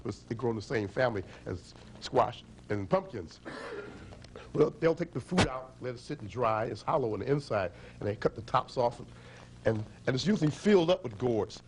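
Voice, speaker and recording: Against a noisy background, a man at a library event, a storyteller and musician, talks to children about instruments and storytellers. His voice is medium in pitch and a little fast, and he lively leads them in call-and-response chants.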